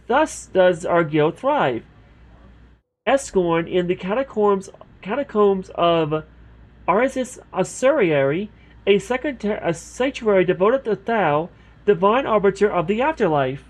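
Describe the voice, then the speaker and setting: A man's voice: high voice, lively intonation, measured pace. A man voicing a formal young woman guild receptionist, reading game dialogue in a grand, theatrical way. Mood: solemn, formal.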